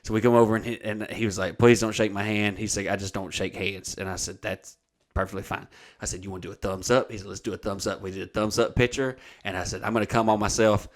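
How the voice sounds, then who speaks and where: A man with an Alabama Southern accent tells a rambling, profane comedic story as a podcast host. His voice sits a little low, and he acts out each line of dialogue in casual chat. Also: fast. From Oxford, Alabama. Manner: profane, rambling, animated retelling of conversations.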